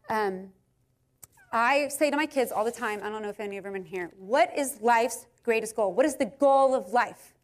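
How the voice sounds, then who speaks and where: Chatty high-voiced woman telling stories. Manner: chatty, animated storytelling with frequent fillers. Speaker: speaker at a church gathering. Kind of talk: conversational sermon with family stories.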